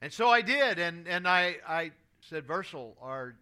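A man's voice: high-pitched, animated, unhurried, pushed and bright, smooth. A man in his sixties preaching a sermon, telling stories and reading scripture aloud in an earnest way. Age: 60s. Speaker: pastor.

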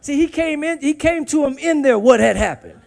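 Man, preacher, very high voice, call-and-response, hushed then shouting. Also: animated, moderate pace, creaky. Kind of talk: sermon.

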